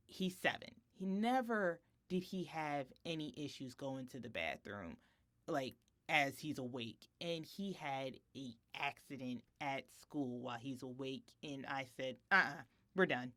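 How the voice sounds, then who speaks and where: A woman co-hosting a podcast, chatting casually and telling a family story, acting out the lines and laughing often. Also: on the low side. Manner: animated storytelling, acting out her son's and her own lines; laughs often between sentences. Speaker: podcast co-host. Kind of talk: casual chat.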